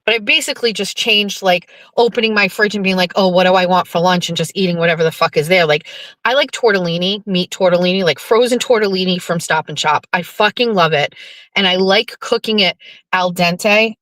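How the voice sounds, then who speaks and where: A woman's voice: fairly low pitch, fairly quick, fairly bright tone, no room sound. Chatty, swearing New woman host. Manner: chatty, rambling, swears freely. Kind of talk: casual chat reading viewer comments.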